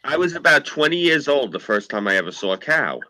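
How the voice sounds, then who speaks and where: A man's voice: medium pitch, big pitch swings, brisk, bright, forceful tone, no echo, rough recording. A man telling rambling, profane anecdotes in a casual chat, acting out what people said. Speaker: podcast co-host.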